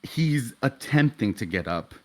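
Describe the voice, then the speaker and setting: A man's voice: medium pitch, sing-song, unhurried. A young adult man narrating a tabletop game as game master, in a vivid, casual way with swearing.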